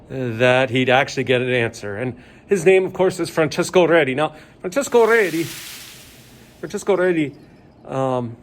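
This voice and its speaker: A man's voice: on the high side, a little hiss or hum. A man teaching a casual video lesson, joking and rambling with many fillers.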